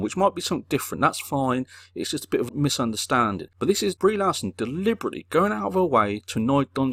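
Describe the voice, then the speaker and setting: A man's voice: on the high side, vocal fry, breathy edge, dry recording, studio quality. A man giving indignant, repetitive opinion commentary as a channel host.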